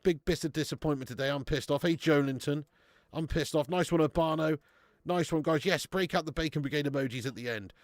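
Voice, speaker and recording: Hosting a live football watch-along from his home, a man swears freely, chats casually and names viewers as he goes. He speaks a little fast in a slightly high voice, with studio quality audio and no echo.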